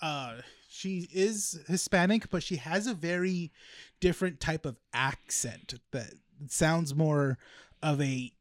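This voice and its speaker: A man's voice: fairly high pitch, slow, no echo, clean studio sound. A man telling a rambling story on a casual podcast, with many restarts. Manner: rambling with frequent restarts and laughs. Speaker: podcast co-host.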